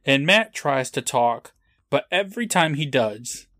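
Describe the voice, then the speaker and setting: A man's voice: medium pitch, expressive, measured pace, bright, forceful tone, dry recording, studio quality. A man co-hosting a podcast, casually recapping an episode and chuckling as he acts out quotes. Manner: laughing storyteller, acting out quotes. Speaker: podcast co-host.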